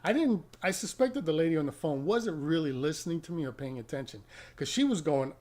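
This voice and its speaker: A middle-aged man chats to the camera about his day as a rideshare driver, his voice sitting a little high for a man. He rambles, restarts his sentences and chuckles at his own stories. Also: animated, brisk, a little mellow. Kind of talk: casual storytelling to camera.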